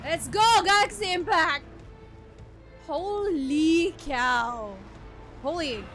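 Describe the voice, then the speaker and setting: A woman hosting an anime reaction video, giving live commentary in an excitable way, exclaiming and laughing often. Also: high-pitched, slow, faint music behind.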